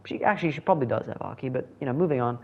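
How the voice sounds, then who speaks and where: A man's voice: medium pitch, animated, racing, dull audio. A man reviewing a manga chapter in casual solo commentary, rambling, correcting himself and chuckling as he goes.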